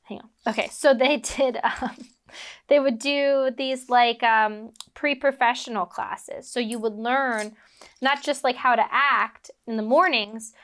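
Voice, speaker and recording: While building bricks, a Philadelphia-born guest actress from the United States talks casually, full of fillers, and laughs at herself when she loses focus. She speaks at a measured pace in a steady, somewhat high and slightly bright voice.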